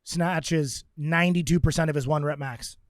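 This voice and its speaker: A man telling training stories in a casual podcast chat, animated and acting out quotes. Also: fairly high pitch, moderate pace, no echo, clean studio sound. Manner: animated storyteller, acts out quotes.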